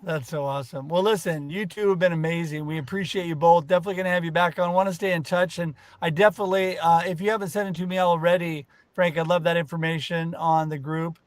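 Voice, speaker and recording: Man, high-pitched voice, upbeat and effusive, live web show host, dry close sound. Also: fairly even intonation, quick pace, few pauses, no echo. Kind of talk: casual live show chat.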